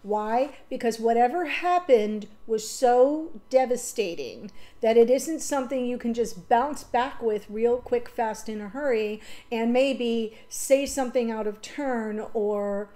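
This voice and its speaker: A woman's voice: a little high, unhurried, hardly any pauses, warm tone. A woman giving a casual spoken tarot reading, emotional and rambling, with fillers and self-corrections. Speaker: tarot reader.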